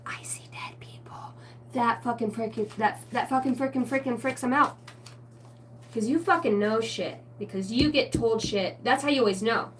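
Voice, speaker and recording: A woman giving a rambling spiritual tarot reading, excitable and swearing constantly in a stream-of-consciousness flow. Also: a little high, moderate pace, recorded from a distance, a little hiss or hum. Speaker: tarot reader.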